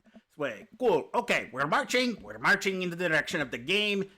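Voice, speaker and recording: Playful, lively-voiced male streamer. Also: high-pitched, moderate pace. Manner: playful, jokey asides. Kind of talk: reading a dating sim aloud on stream.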